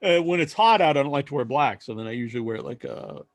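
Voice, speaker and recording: A man co-hosting a podcast, telling a long story in casual chat and acting out other people's lines loudly. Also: medium pitch, expressive, fast, no room sound. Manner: rambling storyteller, acts out quoted voices loudly. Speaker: podcast co-host.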